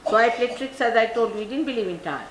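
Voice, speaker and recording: A woman's voice: fairly high pitch, lively intonation, fast talker, slight background noise. Older Indian woman telling stories in a roomy recording. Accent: Indian English. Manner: storytelling, acts out quoted people. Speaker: spiritual teacher. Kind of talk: spiritual talk to followers. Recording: roomy archival live recording.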